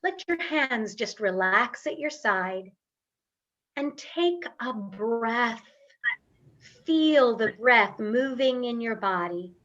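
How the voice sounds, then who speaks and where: A woman voice coach leading an online workshop, guiding listeners through breathing in a slow, calm, instructive way. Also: on the high side, lo-fi sound. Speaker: voice and speaking coach.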